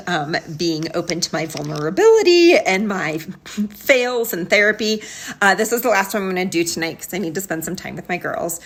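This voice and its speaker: A woman's voice: fairly low pitch, moderate pace. A woman speech-language pathologist giving candid, self-deprecating commentary on her old therapy videos, explaining her choices in clinical terms and laughing at her own mistakes.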